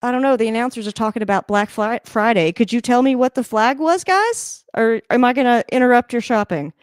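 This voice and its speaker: A woman's voice: fairly high pitch, a little fast, clear, resonant tone, no room sound, clean studio sound. Chatty woman reacting live to football. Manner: chatty, rambling, laughs often, sudden excited outbursts. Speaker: livestream host reacting to a football game. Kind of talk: casual live game reaction. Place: home room, moving around the camera.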